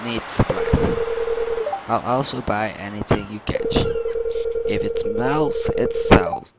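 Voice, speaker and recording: A man reading out the lines of a friendly, down-to-earth male fisherman in a flat voice, with loud noise behind him. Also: lowish voice, slow, full character voice. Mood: plain reading. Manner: read out flatly, without a character accent.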